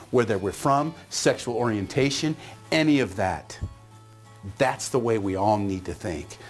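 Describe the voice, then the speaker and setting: A middle-aged man giving a motivational talk, telling a story in an animated way and acting out the voices in it. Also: fairly low pitch. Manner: animated, acts out voices in his stories. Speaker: motivational speaker.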